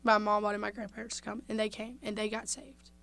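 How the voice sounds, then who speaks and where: A woman's voice: mid-range voice, a little fast, creaky. A young woman, a podcast guest telling a heartfelt story in casual conversation. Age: young adult. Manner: heartfelt, animated, drops to a hush at tender moments.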